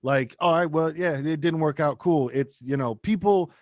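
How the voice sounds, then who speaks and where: A man co-hosting a podcast, chatting casually and acting out quoted lines with lively, profane storytelling. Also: fairly high pitch, moderate pace, dry recording. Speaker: podcast co-host. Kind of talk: casual chat.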